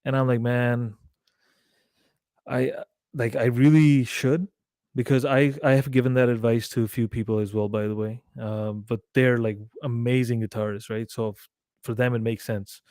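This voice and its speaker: Animated man telling a story. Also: mid-range voice, moderate pace, no room sound, clean studio sound. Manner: animated storytelling, acting out quoted dialogue; frequent swearing. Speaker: guest musician. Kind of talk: casual podcast chat.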